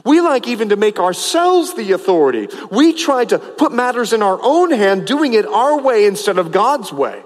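A man's voice: high voice, big pitch swings, moderate pace, hardly any pauses, long reverb tail. A man preaching a sermon as pastor, emphatic and repetitive, stressing phrases over and over.

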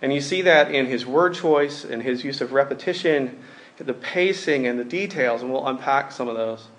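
Young male preacher, mid-pitched, easygoing sermon delivery with scripture reading. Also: normal speed. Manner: conversational preaching with fillers, reads scripture aloud. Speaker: pastor.

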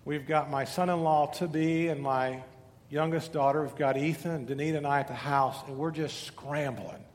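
A middle-aged man preaching a sermon to his church, swinging between loud urgent lines and hushed asides. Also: on the high side, fairly even intonation, normal speed, in a large hall. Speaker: pastor. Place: church sanctuary.

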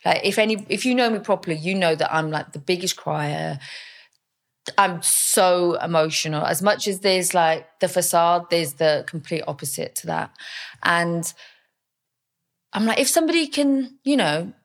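Young woman, low gravelly voice, chatty and frank, lots of likes and you knows. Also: moderate pace. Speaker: podcast guest, mother. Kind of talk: candid interview storytelling.

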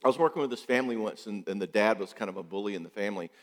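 Middle-aged man, psychologist, lowish voice, animated and emphatic, reverberant room. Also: very fast. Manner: animated, acts out quotes in voices, rhetorical questions, repeats for emphasis. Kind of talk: casual talk on relationships.

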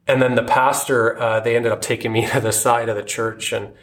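A man telling his personal faith testimony in an earnest, halting way, often restarting his sentences. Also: mid-range voice, little pitch movement. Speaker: guest sharing his testimony.

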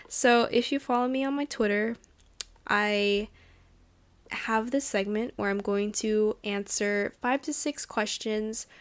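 A woman hosting a casual solo podcast, talking in an excitable, gushing, chatty way at a table indoors, with lots of laughs and fillers. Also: mid-range voice, no echo. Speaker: podcast host.

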